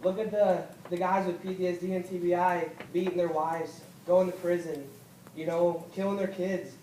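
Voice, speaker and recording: A young man giving a halting, earnest personal speech as a veteran at a political event, repeating himself and rising when upset. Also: high-pitched, little pitch movement, warm tone. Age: young adult. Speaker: veteran speaker. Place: event hall. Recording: echoey hall from far off, faint noise.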